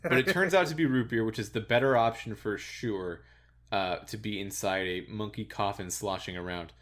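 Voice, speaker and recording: A man co-hosting a podcast in casual chat, relaxed and amused, chuckling often and restarting his sentences. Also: on the low side, moderate pace. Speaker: podcast co-host.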